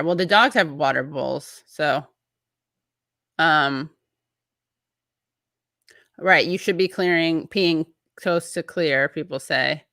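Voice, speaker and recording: A woman hosts a relaxed chat show, rambling and cutting herself off as she reads viewer comments aloud. Her voice sits a little low yet comes across bright and forward. The sound is dry and close, with no room echo. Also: takes it slowly, long pauses. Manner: chatty, rambling, breaks off mid-thought. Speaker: show host. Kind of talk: casual livestream chat, reading viewer comments.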